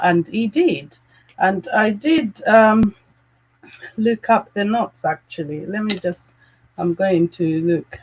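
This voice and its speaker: A woman chats live about perfumes at an unhurried pace, her voice sitting in a middle pitch. She gushes and exclaims over each bottle and greets her viewers one by one. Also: breathy edge, low-quality recording. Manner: gushing, excitable, greets viewers by name. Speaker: fragrance channel host. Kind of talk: live-stream fragrance chat.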